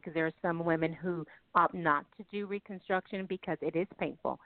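A woman's voice: low-pitched, steady tone, a little fast, hardly any pauses, dry recording. A woman giving heartfelt, candid personal testimony as an interview guest. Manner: candid, heartfelt, speaks directly to listeners. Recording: dry, tinny phone-like sound.

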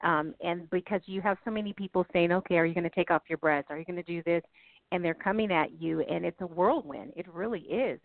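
A woman's voice: on the low side, fairly quick, no room sound. A woman giving heartfelt, candid personal testimony as an interview guest. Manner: candid, heartfelt, speaks directly to listeners. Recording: dry, tinny phone-like sound.

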